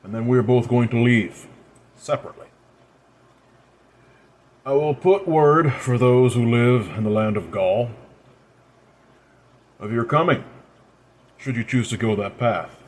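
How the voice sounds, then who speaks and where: A man voicing a stern, ancient father who solemnly lectures his disobedient daughter in a measured, grave manner, speaking a little higher and louder than his narration. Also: natural voice. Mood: stern lecturing.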